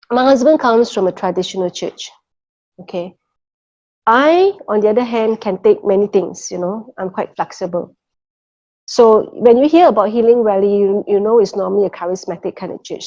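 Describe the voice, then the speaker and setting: A woman's voice: medium pitch, mellow. A middle-aged woman telling a personal faith testimony in an earnest way, often checking in with her listeners. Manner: earnest, checks in with listeners, many repeated "okay" and "you know". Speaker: testimony speaker. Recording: muffled lo-fi recording.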